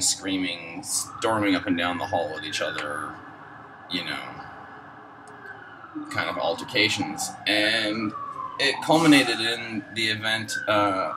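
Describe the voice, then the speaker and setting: A man's voice: sits low, recorded from a distance, background noise. A man casually telling a personal story, rambling and profane, heavy on fillers. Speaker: storyteller host.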